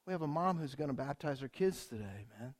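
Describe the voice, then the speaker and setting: A man preaching a sermon in a church, conversational and energetic, asking the congregation rhetorical questions. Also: mid-range voice, fairly quick. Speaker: pastor.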